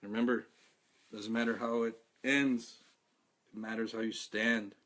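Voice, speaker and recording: An exhausted man talking to his followers in a live video, halting and stammering, repeating his words, earnest and heartfelt. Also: lowish voice, flat delivery, fairly bright tone. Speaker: activist speaking to followers.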